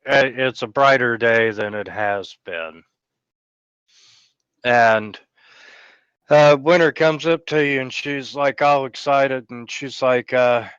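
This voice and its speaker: A man's voice: medium pitch, takes it slowly, pauses often, fairly bright tone, clear, resonant tone, dry recording, muffled recording. A man narrating as game master, hesitant and full of filler sounds. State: hiccups.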